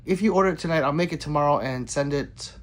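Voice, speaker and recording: A man's voice: a little high, quick pace. A man hosting a casual livestream, reading viewer chat aloud in a chatty, profane way. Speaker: livestream host.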